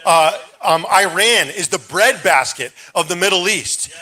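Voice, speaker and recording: A man argues at a debate in a high, bright voice. He sounds urgent, rushing through his points and filling pauses with uhs and ums. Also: slightly rough. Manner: rapid, filler-heavy, urgent. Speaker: candidate in a debate. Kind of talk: campaign debate answer.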